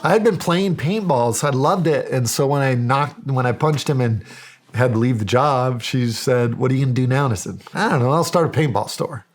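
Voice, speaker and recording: A man's voice: mid-range voice, a little fast. A middle-aged American man telling a story in a podcast interview, acting out the quoted dialogue with animation. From United States. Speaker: guest, county sheriff.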